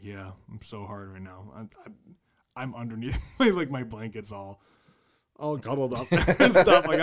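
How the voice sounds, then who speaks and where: Young male podcast co-host, tired, crude storyteller, laughs through his lines, average pitch. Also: fairly bright tone. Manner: crude, laughs often while telling a story. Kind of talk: casual chat, storytelling.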